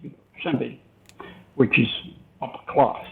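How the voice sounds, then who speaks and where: A man's voice: medium pitch, fairly even intonation, moderate pace, vocal fry. An older man, a guest recalling his past, speaking thoughtfully with hesitant restarts. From United States. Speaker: interview guest. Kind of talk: reflective storytelling. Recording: tinny phone-line sound.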